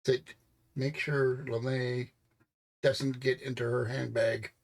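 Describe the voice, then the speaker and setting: A man's voice: medium pitch, level tone, slow pace, vocal fry. A man playing in a tabletop game, asking hesitant questions with fillers. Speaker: player.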